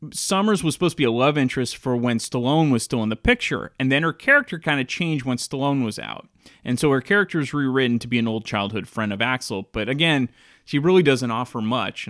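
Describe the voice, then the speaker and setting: A man's voice: mid-range voice, a bit bright, no echo. Chatty male film reviewer, dry sound. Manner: chatty, enthusiastic, with frequent restarts. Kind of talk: casual commentary.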